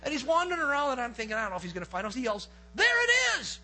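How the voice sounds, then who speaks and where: Pastor, male, high and bright voice; animated storyteller mid-sermon. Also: racing, poor audio. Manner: lively storyteller, acts out quotes and gets excited. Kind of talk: sermon with a personal hunting story.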